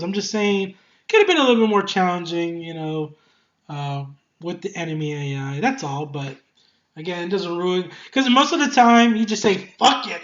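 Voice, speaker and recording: An excitable game reviewer talking casually, swearing often, laughing a lot and rambling with many fillers and restarts. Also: mid-range voice, lo-fi sound.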